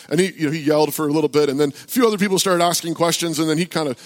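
A man, a pastor, telling a story in a halting sermon style full of fillers and restarts. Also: on the high side, steady tone. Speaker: pastor and open-air preacher. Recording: long hall reverb.

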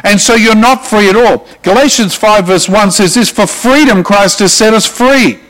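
A middle-aged Australian man delivers a sermon in a fairly high voice. He preaches with emphasis and often puts questions to his congregation. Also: moderate pace, fairly bright tone, poor audio. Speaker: pastor.

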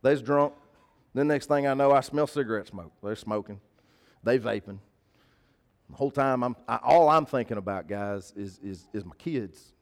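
A man's voice: medium pitch, moderate pace. A man preaching a sermon, telling a personal story in a conversational, emphatic way and repeating key phrases. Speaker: pastor.

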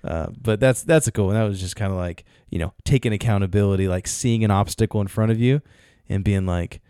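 Man, podcast co-host, low mellow voice, storytelling chat, dry sound. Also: fairly quick, clean tone, dry recording. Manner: storytelling, retelling films with acted quotes. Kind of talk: casual chat.

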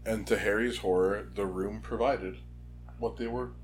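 A man co-hosting a casual podcast, summarizing a chapter in a relaxed way. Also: lowish voice, moderate pace, slight background noise. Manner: relaxed summarizing, some fillers. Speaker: podcast co-host.

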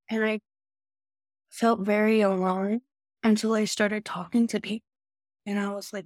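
Woman, confessional recovery talk, mid pitch, dry close mic. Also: fairly even intonation, a little slow, a little mellow, no echo. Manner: open, confessional. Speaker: podcast participant. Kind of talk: candid recovery chat.

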